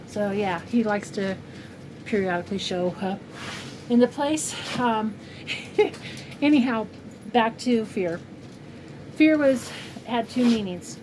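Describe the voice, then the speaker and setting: A woman's voice: a little high, slow, pauses often, mellow. A woman in her fifties from California, chatting in a rambling, heartfelt way with lots of fillers in a casual personal vlog at home. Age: 50s. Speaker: crochet channel vlogger. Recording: noisy home recording.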